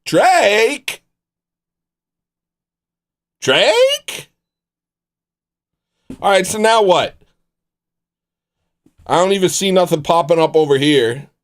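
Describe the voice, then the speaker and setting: A man's voice: fairly high pitch, animated, normal speed, pauses often, no echo, studio quality. A man hosting a casual livestream, rambling and joking as he answers his chat. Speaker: livestream host. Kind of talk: casual livestream chat, reading viewer messages.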